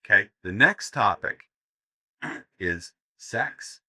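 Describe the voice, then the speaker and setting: A man's voice: lowish voice, lively intonation, very slow, bright, forceful tone, husky, no echo, studio quality. A man giving a live seminar talk, telling crude jokes as stories and laughing at his own punchlines. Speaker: seminar speaker. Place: seminar room with audience.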